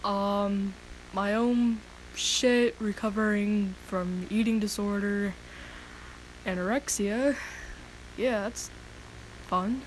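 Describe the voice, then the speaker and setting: A woman's voice: medium pitch, fairly even intonation, slow pace, long pauses, a little hiss or hum, poor audio. A woman hosting a podcast, chatting candidly with casual swearing, her voice cracking, then reading her own poem.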